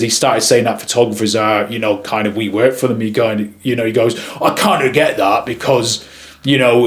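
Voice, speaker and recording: A man, a wedding videographer, casually telling work anecdotes and acting out other people's lines in lively voices. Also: medium pitch. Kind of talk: casual storytelling to camera.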